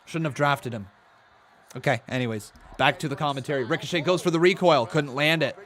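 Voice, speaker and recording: A man hosting a live wrestling watch-along stream, chatting with viewers and calling the action play-by-play, getting loud and excited at big moves. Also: a little high, a little fast. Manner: chatty, reads viewer donations aloud. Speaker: streamer host.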